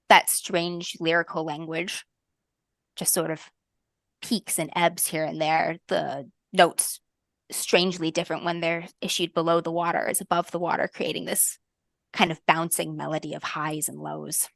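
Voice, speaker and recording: A woman game master narrating a fantasy tabletop game in a soft, lyrical way, with frequent ums. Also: sits low, flat delivery, measured pace, creaky, dry recording, clean studio sound.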